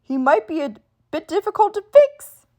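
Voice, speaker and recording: Woman reading as a father pig, storybook, hearty, plain-spoken, bumbling, slow and lively. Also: a little high, exaggerated voice. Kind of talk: storybook read-aloud.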